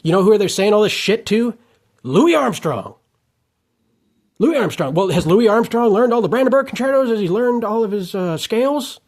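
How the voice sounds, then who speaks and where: A man giving an unscripted monologue rant, heated and profane, breaking into shouted outbursts. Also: high voice, expressive, normal speed.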